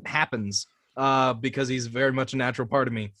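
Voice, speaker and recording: A man explains in an easygoing, relaxed way during a casual group call. His voice is mid-pitched and close-miked with a dry sound. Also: fast, dry recording. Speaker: voice actor.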